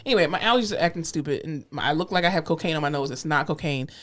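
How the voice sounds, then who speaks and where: A woman's voice: low voice, very fast. A woman co-hosting a podcast, telling stories in casual chat, acting out other people's voices and swearing freely. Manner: animated storyteller, acts out voices, swears freely. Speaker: podcast co-host.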